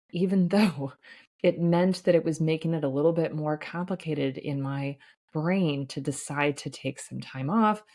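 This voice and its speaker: Low-voiced woman, earnest podcast host. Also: darkish tone. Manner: earnest, reflective, checks in with frequent "right?"; laughs lightly mid-sentence. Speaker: podcast host and life coach for physicians. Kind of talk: solo podcast monologue.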